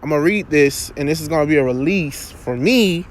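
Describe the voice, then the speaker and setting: A man giving an earnest, preacherly spoken reflection outdoors, halting and restarting as he talks. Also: a little high, animated, slight background noise. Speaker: vlogger.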